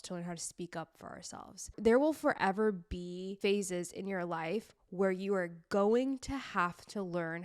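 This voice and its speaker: A woman's voice: mid-range voice, smooth, dry recording, clean studio sound. A young adult woman hosting a solo podcast, talking frankly and emphatically with blunt, profane remarks. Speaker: podcast host.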